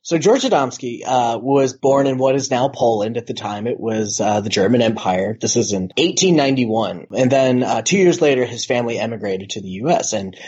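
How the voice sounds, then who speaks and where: A man's voice: medium pitch, lively intonation, brisk, hardly any pauses, darkish tone, husky, muffled recording. A man hosting a casual podcast, rambling through a story with lots of "like" and "uh". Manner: rambling, heavy use of "like". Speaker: podcast host presenting the topic.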